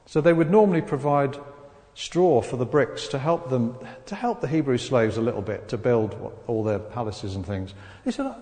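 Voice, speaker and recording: A man preaching a sermon, telling a Bible story with lively acted-out voices. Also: mid-range voice, moderate pace. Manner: animated storytelling, acts out voices of the people in the story. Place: church hall. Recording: long reverb of a large hall.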